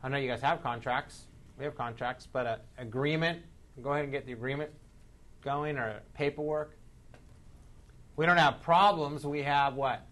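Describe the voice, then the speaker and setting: A man leading a live sales training seminar, energetic, quizzing the audience and shifting his speed and loudness for emphasis. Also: medium pitch, normal speed.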